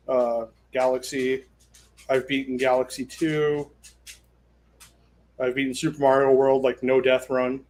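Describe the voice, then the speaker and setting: Guest, male, average pitch, eager rambling talker with fillers. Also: a little mellow. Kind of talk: casual chat.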